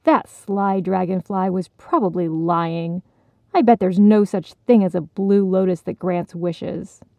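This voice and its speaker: A woman's voice: on the low side, steady tone, a little slow, darkish tone, dry recording. A woman voicing a determined, stubborn young female frog in a storybook, wary and eager. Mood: sulky.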